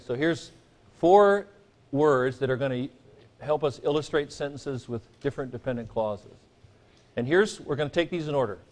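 Man teaching a class, checking in often. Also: mid-range voice. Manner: conversational, checks in with "okay?", light asides. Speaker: Greek teacher. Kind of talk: classroom lecture.

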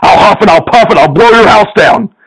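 Guy doing a loud bossy big bad pig, pitched way up, storybook villain vibe. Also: brisk, breathy edge, exaggerated voice, low-quality recording. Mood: menacing. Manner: booming threats, huffing and puffing.

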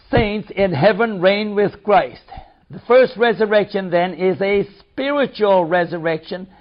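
High-voiced man reading slowly and deliberately. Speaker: reader. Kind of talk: reading a study text aloud. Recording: dull lo-fi recording.

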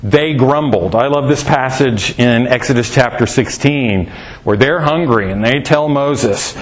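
A man with a mid-pitched voice teaching scripture in a relaxed, conversational way. He fires off rhetorical questions and jumps his voice up high to make a point. Folksy asides and little fillers keep it feeling like a chat. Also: measured pace, a little hiss or hum. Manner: animated, asks rhetorical questions, swings pitch for emphasis. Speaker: preacher.

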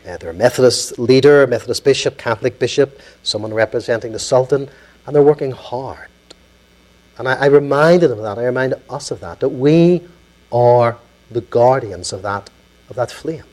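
A man with a Belfast accent, a minister giving a public lecture, telling stories in an earnest, measured way and pausing on key words. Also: mid-range voice, a little mellow, poor audio.

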